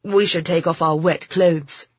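A man's voice: fairly high pitch, steady tone, a little slow, husky, no room sound. Brief: narrator doing polite shy young man, plain voice, slightly dull audiobook. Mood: earnest. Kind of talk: audiobook character voice.

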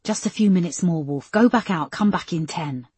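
A woman's voice: lowish voice, normal speed, darkish tone, slightly rough, no echo. A woman voicing a senior policewoman giving urgent, commanding orders. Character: brisk woman police chief inspector.

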